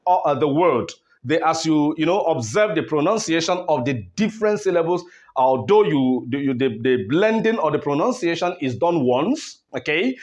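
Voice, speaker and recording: Slow-talking Nigerian English teacher, man. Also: sits high. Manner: explains slowly, repeats terms, many fillers and okays. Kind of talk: online lesson on oral English.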